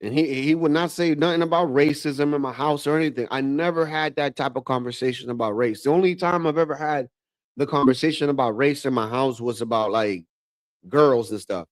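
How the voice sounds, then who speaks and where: A man hosts a casual livestream, reacting out loud with plenty of slang and "bro." His voice sits in an ordinary middle pitch and sounds dry and close, with no room echo. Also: fairly quick. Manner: animated, drops into mock voices of relatives. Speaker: livestream host.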